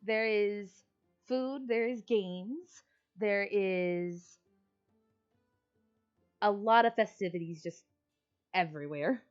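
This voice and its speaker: A woman's voice: medium pitch, slow pace, long pauses, smooth, dull audio, faint music behind. A woman running a tabletop game as game master, talking casually with many fillers.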